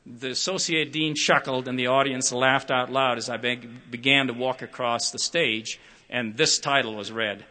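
An older man giving a prepared public talk, measured and expressive, acting out quoted voices as he tells stories. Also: mid-range voice.

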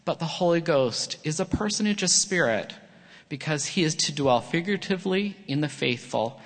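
A man's voice: on the high side, expressive, normal speed, a bit bright. Earnest middle-aged man preaching in a reverberant hall. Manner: earnest, reads from a prepared text with small slips. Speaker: church speaker. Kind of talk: prepared sermon talk. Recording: long reverb of a large hall.

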